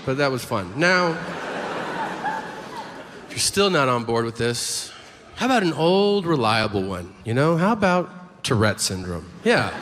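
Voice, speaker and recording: Guy doing standup in a big echoey hall, voice all over the place, crowd noise behind. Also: medium pitch. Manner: animated storytelling, acts out voices, profane. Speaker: stand-up comedian. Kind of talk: stand-up comedy set. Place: comedy venue stage. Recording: live club mic, hall reverb, audience noise.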